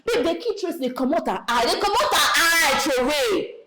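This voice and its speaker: An actress with a Nigerian accent playing a frightened, excitable young woman. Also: high-pitched, a little fast. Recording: echoey room with crowd noise.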